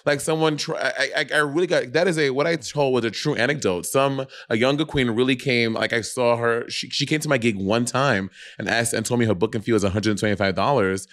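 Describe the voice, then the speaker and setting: A man co-hosting a casual podcast chat, laughing often and telling stories in an animated way. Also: mid-range voice, fairly quick, few pauses. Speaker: podcast co-host.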